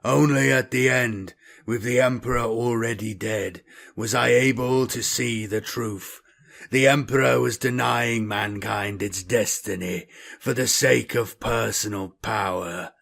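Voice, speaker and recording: Man as a cold traitor captain: gravelly, slow, measured. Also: steady tone. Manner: slow, measured, low and quiet delivery.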